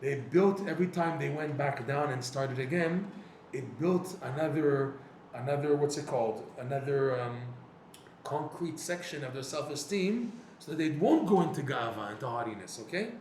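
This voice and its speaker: A man's voice: mid-range voice, expressive, normal speed, darkish tone. A man teaches a Torah class, telling stories and acting out his own prayers and dialogues with animation. His mid-range voice rings in an echoey room, with faint noise behind it. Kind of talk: personal story in a recorded class.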